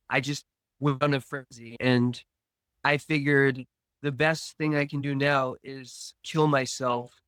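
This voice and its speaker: Man, podcast guest, storytelling, quoted dialogue, middle pitch, dry close mic. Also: a bit bright, smooth, no echo. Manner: tells past events in present tense with quoted dialogue. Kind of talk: storytelling about addiction.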